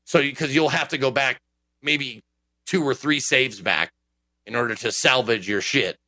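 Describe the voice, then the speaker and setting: A man's voice: mid-range voice, normal speed, dry recording. A man who streams games, ranting in a casual podcast chat and swearing often. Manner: animated ranting, frequent swearing. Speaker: game streamer.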